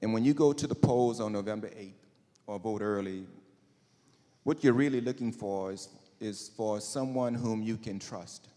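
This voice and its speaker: A man's voice: lowish voice, normal speed, dark tone. A man giving a sincere, preacherly closing statement as a candidate, quoting scripture. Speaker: candidate for parish president. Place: school auditorium. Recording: reverberant auditorium with long echo.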